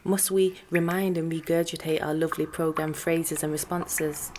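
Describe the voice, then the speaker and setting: A woman performing spoken-word poetry over music, with a measured, sardonic, questioning delivery. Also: low-pitched, steady tone, a little mellow, slight background noise. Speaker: rapper and spoken-word artist.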